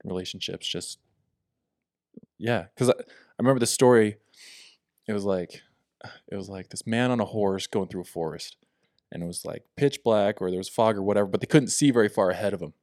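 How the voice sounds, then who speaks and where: A man's voice: on the low side, fairly quick, pauses often, dry recording, studio quality. A young man co-hosting a podcast, chatting casually with a rambling, filler-heavy manner. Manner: relaxed, rambling with many fillers. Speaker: podcast co-host. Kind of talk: casual chat.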